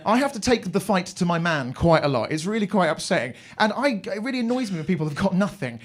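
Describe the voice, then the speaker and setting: Man, young, from England, stand-up comedian, high voice, rambling crude storytelling, live comedy club. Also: sing-song, fast talker.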